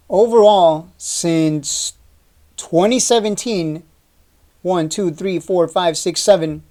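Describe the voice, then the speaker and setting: A man's voice: a little high, a little mellow. Urgent, chatty man talking stock charts. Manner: urgent, repetitive emphasis with rhetorical questions; loose, chatty with frequent "uh" restarts. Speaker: stock market video host. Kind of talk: casual market analysis over a chart.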